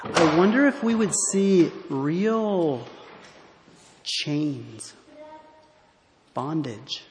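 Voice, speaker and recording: A man's voice: fairly high pitch, animated, drawn-out words, long pauses. A pastor giving a rambling, musing sermon in a church, often stopping to search for his words. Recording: echoey hall, faint ambient noise.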